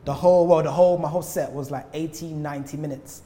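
A young man with a London accent, a performing artist, chatting as a guest and telling stories in a lively way, acting out the dialogue. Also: a little high, fast talker. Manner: animated, laughing, acts out dialogue. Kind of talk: casual storytelling chat. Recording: roomy hall reverb.

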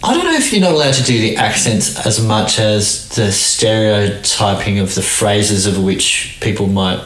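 A man's voice: lowish voice, big pitch swings, moderate pace, a bit bright. A man co-hosting a casual chat, rambling and often restarting his sentences with an occasional laugh. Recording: roomy echo.

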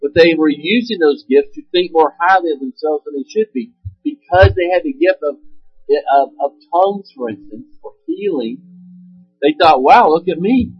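Man, preacher, earnest sermon, slightly high voice, faint music behind. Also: expressive, normal speed, breathy edge, dull audio. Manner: earnest, explanatory, with frequent fillers and restarts. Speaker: pastor.

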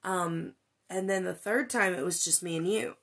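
A woman's voice: fairly low pitch, normal speed, vocal fry, breathy edge. Woman podcaster telling a spooky story, lots of ums and likes, swears when she gets worked up. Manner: animated, many fillers, swears when excited. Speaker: podcast host. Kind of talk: casual storytelling chat.

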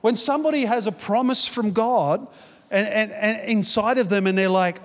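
A man delivers a sermon in a reverberant church hall. His voice sits fairly high, and his tone is easy and conversational as he tells stories. He then lifts into emphatic, repeated declarations. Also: moderate pace. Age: 40s. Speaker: pastor. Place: church auditorium.

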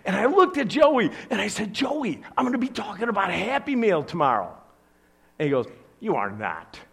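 An older man, a grandfather, preaching a sermon with animated, playful storytelling and asides. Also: high-pitched, brisk, vocal fry, slightly rough. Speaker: pastor.

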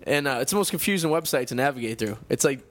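A man's voice: medium pitch, expressive, fast talker. A man co-hosting a radio show, telling stories in profane, casual banter. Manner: profane, laughing, storytelling.

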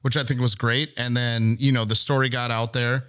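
A man's voice: medium pitch, level tone, moderate pace, fairly bright tone, clean tone, no echo. Rambling storyteller man, dry close mic. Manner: rambling, swears freely, acts out quotes. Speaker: podcast co-host. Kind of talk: casual storytelling.

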